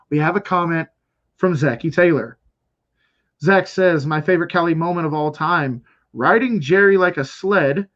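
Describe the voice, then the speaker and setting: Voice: mid-range voice, lo-fi sound. An enthusiastic interview show host chatting with a guest and speaking to the viewers. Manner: enthusiastic, addresses the viewers directly. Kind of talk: casual interview hosting.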